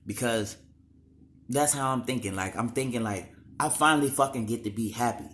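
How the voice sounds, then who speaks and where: A man's voice: medium pitch, normal speed, fairly bright tone, a little hiss or hum. A young man talking straight to the camera in a raw, emotional monologue, slangy and full of swearing.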